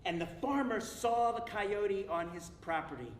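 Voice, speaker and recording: A man telling a folk story to an audience at a theater, in a relaxed, animated way. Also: high voice, measured pace. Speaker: storyteller and guest speaker. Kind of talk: live storytelling talk. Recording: roomy, distant, faint noise.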